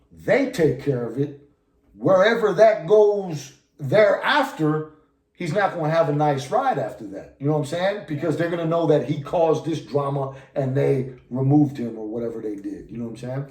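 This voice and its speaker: A man's voice: fairly high pitch, animated, measured pace, darkish tone. A man from California, a podcast guest telling a story in heavy street slang and profanity, acting out the lines of the people in it. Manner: profane street slang, constant "you know what I'm saying"; acts out quoted dialogue. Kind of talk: casual storytelling. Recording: roomy echo.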